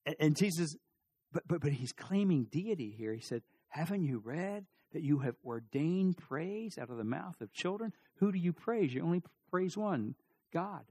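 Middle-aged man, pastor, slightly high voice, animated sermon delivery with loud peaks and voiced characters. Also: normal speed, slightly rough. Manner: animated preaching, acting out crowd voices, rising to loud peaks. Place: church.

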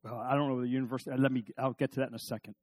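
A middle-aged man giving a humorous talk on marriage to a live audience, animated and joking, often restarting his sentences. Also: medium pitch, very fast, dry recording. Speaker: speaker on marriage.

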